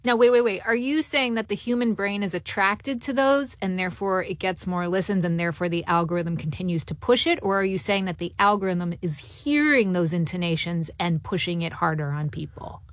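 A woman's voice: lowish voice, lively intonation, brisk, few pauses, no echo. A woman radio host interviewing a guest in a studio, curious and full of follow-up questions.

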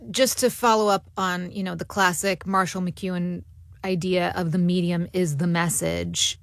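A woman's voice: lowish voice, no echo. A woman radio host interviewing a guest in a studio, curious and full of follow-up questions.

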